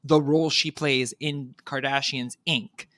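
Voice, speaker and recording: A man's voice: medium pitch, fairly even intonation, unhurried, pushed and bright. A man co-hosting a podcast, chatting playfully and teasing. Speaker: podcast co-host. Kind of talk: casual chat.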